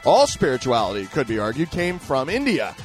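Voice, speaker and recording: A man's voice: mid-range voice, huge pitch swings, brisk, faint music behind. A man hosting a show and answering listener letters in a rambling, emphatic monologue full of fillers and restarts. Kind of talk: casual ranting monologue.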